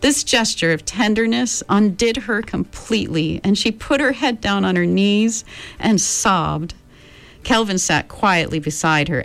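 A woman reading a story aloud in a calm, measured narrating voice. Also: mid-range voice, vocal fry. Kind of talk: audiobook narration.

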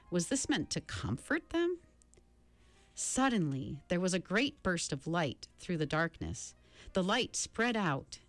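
A woman reading a novel aloud slowly and expressively. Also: lowish voice, dry recording. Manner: slow, expressive storybook reading. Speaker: reader.

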